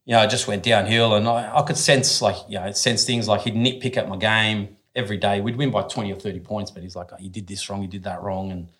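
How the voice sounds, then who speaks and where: Brisk and with few pauses, a lower-voiced Australian guest in his forties, once a professional athlete, tells podcast stories in fairly even intonation with a slightly bright sound. He's blunt, casual, quick to swear, and repeatedly restarts his sentences.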